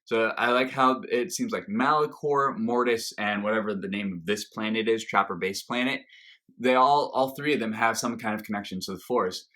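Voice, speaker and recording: A man's voice: lowish voice, moderate pace, pushed and bright. A man hosting a reaction video, talking through an episode review in a casual, enthusiastic and rambling way. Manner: enthusiastic, rambling with fillers and restarts.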